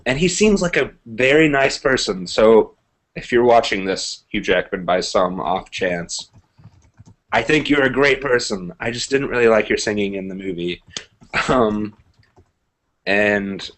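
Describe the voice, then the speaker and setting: A man's voice: fairly low pitch, a bit bright. A young man co-hosting a casual movie review chat, opinionated and hedging his views. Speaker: co-host.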